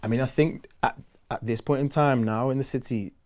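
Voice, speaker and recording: A man, chatting casually as a musician guest in an interview, relaxed and loose with lots of fillers. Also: medium pitch, brisk.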